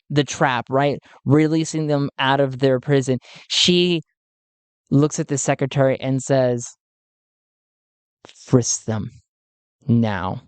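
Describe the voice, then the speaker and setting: A narrator running a solo tabletop game, talking slowly and thinking aloud with frequent chuckles. Dry, close sound with no room echo. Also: medium pitch, smooth.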